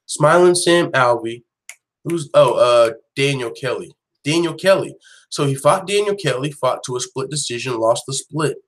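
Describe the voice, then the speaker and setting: A man hosting an online show, giving casual, profane, animated commentary full of quick restarts. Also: mid-range voice, poor audio. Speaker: host of an MMA news channel.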